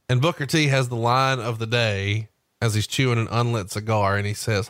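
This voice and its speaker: A man hosting a podcast, retelling a backstage story with animated energy and asking his co-host questions. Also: mid-range voice, normal speed, no room sound, clean studio sound. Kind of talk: casual storytelling chat.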